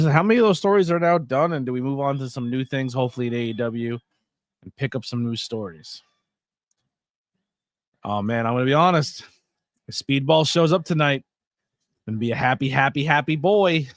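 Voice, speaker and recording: A worn-out man hosts a casual live stream and talks straight to his viewers in the chat. He yawns through his words. His voice sits in a middle pitch and sounds dry and close, with no room around it. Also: a little fast, dry recording. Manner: chatty, talking to viewers in chat. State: tired, yawning. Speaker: podcast host.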